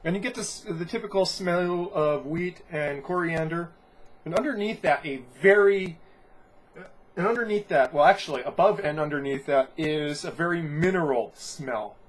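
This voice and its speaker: A man's voice: on the high side, normal speed. A man giving a casual beer review, talking in a rambling way and often correcting himself. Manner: rambling, self-correcting, chatty.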